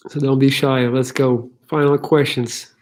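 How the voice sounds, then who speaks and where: A man's voice: mid-range voice, little pitch movement, a little slow, darkish tone. A man hosting a livestream Q&A, chatting casually and joking as he answers viewer questions. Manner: chatty and joking, laughs easily. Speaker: livestream Q&A host.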